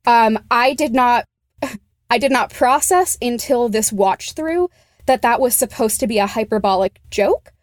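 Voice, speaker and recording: A woman's voice: on the high side, a little slow, no room sound, studio quality. A woman from Arizona co-hosting a casual podcast chat, rambling with many fillers and restarts. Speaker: podcast co-host.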